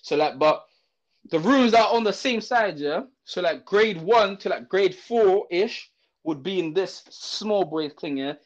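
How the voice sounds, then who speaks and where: A young man from Zimbabwe, speaking, tells a story in a loose, casual chat. His voice sits high, and his talk is animated and slangy, packed with fillers and restarts. The audio is dull and lo-fi. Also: measured pace.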